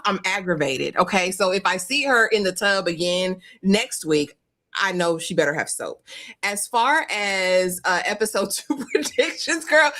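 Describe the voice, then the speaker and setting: A woman's voice: medium pitch, a bit bright. A woman co-hosting a casual TV recap chat. Her voice sits mid-range, and she is emphatic and sassy, stacking one complaint on top of another. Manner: sassy, emphatic, repetitive lists. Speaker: podcast co-host.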